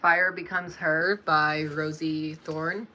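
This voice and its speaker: A young woman reading off a list of books in a casual vlog, slow and unhurried, often apologizing with a soft laugh. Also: low-pitched, level tone. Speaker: book vlogger.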